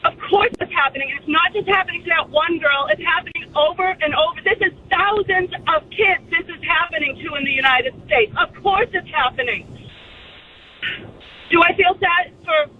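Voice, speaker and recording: Upset female caller, high-pitched, heard over a tinny phone line. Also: normal speed, a little hiss or hum. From Massachusetts. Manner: upset, urgent, emotional. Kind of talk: call-in radio conversation.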